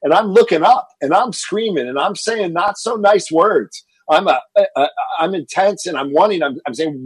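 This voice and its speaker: Husky fifty-something guy from texas, dry close sound, tells his story with lots of stumbles. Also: sits high, normal speed, hardly any pauses, no room sound. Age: 50s. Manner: animated storyteller, repeats words when excited. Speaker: guest, fitness entrepreneur. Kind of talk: interview storytelling.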